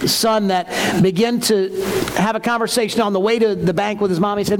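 A man preaching a sermon, telling a story in an animated way and acting out the voices of the people in it. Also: sits high, brisk. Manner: animated, acts out voices in stories. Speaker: pastor.

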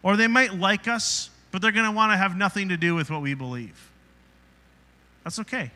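Bright-voiced pastor preaching in a hall. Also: male voice, high-pitched, lively intonation, a little fast. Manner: conversational, asks the congregation questions; acts out quoted voices in retelling. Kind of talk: sermon. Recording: reverberant hall.

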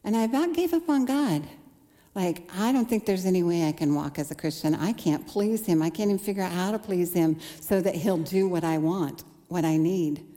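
A woman's voice: lowish voice, normal speed, warm tone. A woman in her forties giving an earnest testimony sermon, acting out her own past thoughts as she tells the story. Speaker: speaker. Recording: long hall reverb.

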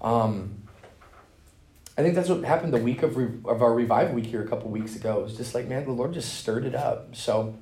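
Young guy at a conference, laid-back storytelling, earnest, mid pitch. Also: a little fast, dark tone. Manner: casual, storytelling, earnest with slang. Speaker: conference speaker. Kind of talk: conference teaching talk.

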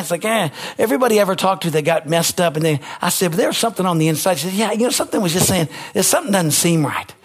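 A man preaching with intensity circles back to the same phrases, his volume swinging from loud cries to subdued whispers. His voice carries a breathy edge.

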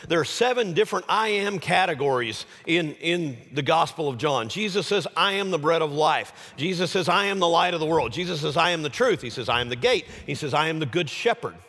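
Male pastor, fairly high voice, lively pitch, long hall reverb; dramatic loud-to-hushed sermon delivery. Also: brisk, few pauses.

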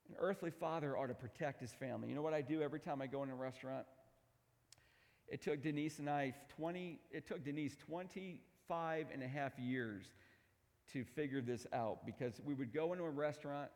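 A middle-aged man preaching a sermon as pastor, emphatic, swinging between loud declarations and hushed asides. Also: fairly high pitch, a little fast. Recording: long hall reverb.

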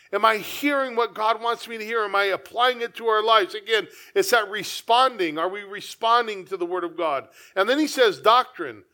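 Man, pastor, sermon, high voice, earnest conversational preaching. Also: pushed and bright.

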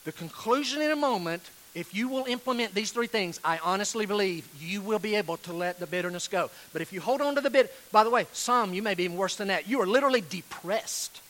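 A male pastor delivers an earnest sermon, pleading with his listeners and leaning hard on slow, stressed phrases. His voice sits high for a man and rings bright and forceful. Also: low-quality recording.

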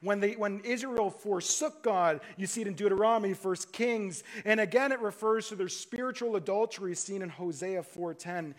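Pastor guy preaching, pretty high voice, goes from loud pleading down to quiet hushed bits. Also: moderate pace, hardly any pauses. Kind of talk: sermon.

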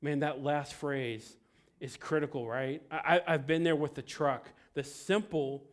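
A pastor preaching a sermon, his voice sitting a little high for a man. He leans hard on key words and then lets his phrase endings drop low and soft. Now and then he acts out the voices of people in his stories. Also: fairly even intonation, unhurried. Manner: emphatic, swings between loud stresses and quiet trailing endings; acts out quoted voices in a story.

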